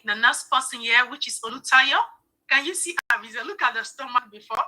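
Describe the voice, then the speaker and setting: A woman's voice: a little high, brisk, bright, forceful tone, poor audio. A middle-aged woman hosting a live stream, talking earnestly and personally and often checking in with "okay?". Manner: emotional, personal storytelling. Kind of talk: casual live-stream sales talk.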